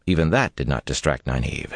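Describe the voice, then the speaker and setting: A man narrating a fantasy audiobook in an expressive, dramatic storytelling manner. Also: a bass voice, fairly quick, no echo, clean studio sound.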